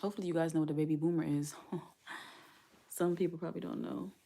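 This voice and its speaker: Low, mellow woman chatting casually on a live stream. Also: steady tone, fairly quick, gravelly. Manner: chatty and candid, addresses viewers as "y'all". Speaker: livestream host; parent.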